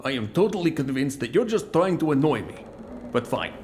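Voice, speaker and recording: An actor playing a surly Russian prison guard in a video game, talking in a blunt, dismissive way. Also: male voice, medium pitch, big pitch swings, fairly quick, darkish tone, slight background noise, natural voice. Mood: gruff, dismissive.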